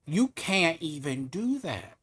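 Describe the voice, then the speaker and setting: Male game streamer, mocking trash-talker, swears freely, voice a touch high, desk mic at home. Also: big pitch swings, takes it slowly, a bit bright, husky. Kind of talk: casual live-stream trash talk.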